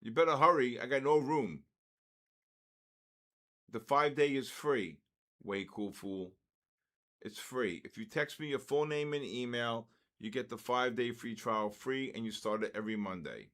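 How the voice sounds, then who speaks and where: An older man in his sixties talks casually on a live trading stream. His pitch sits in an ordinary middle range. He drifts between friendly anecdotes and quick market calls. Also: a bit bright. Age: 60s. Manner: loose, chatty, jumps between storytelling and market calls.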